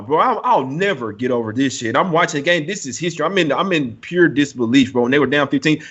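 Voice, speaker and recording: A man hosting casual basketball chat, heated and slangy. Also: a bit bright. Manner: heated, slangy, keeps saying bro. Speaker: sports show host. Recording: muffled low-fidelity audio.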